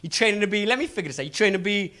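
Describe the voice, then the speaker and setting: A man voicing a brash, cocky male street con man who taunts and shouts. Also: sits high, expressive, racing, voice pushed up.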